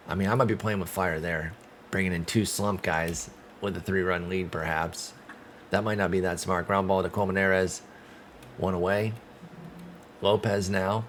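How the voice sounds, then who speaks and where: Gaming streamer, male, deep voice; relaxed play-by-play that flips into exasperated outbursts. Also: normal speed, slight background noise. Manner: animated, swings from calm calls to loud outbursts and groans. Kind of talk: casual play-by-play of a baseball sim.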